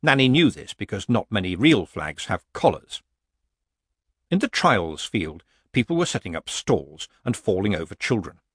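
A man's voice: fairly low pitch, sing-song, normal speed, a bit bright, breathy edge, no room sound, studio quality. A man narrating a comic fantasy story as an audiobook reader.

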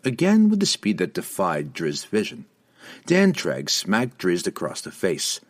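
Deep-voiced, dramatic male narrator. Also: unhurried. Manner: dramatic, expressive reading. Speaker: audiobook narrator. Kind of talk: scripted fantasy audiobook narration.

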